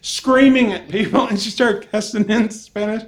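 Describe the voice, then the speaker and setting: High-voiced man telling a story. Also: normal speed. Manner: animated, laughs through his story. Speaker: storyteller on a chat show. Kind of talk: casual chat.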